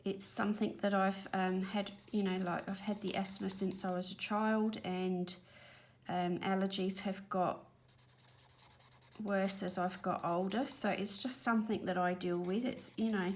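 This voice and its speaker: A woman's voice: mid-range voice, fairly even intonation, unhurried, slight background noise. An Australian woman chatting casually while colouring at home, a bit breathless and apologetic, rambling as she works. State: slightly out of breath. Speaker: colouring channel host. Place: home spare room studio.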